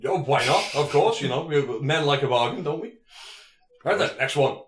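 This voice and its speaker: A man's voice: on the high side, expressive, normal speed, reverberant. A man co-hosting a casual podcast, teasing his friends and laughing often. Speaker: podcast co-host reading questions.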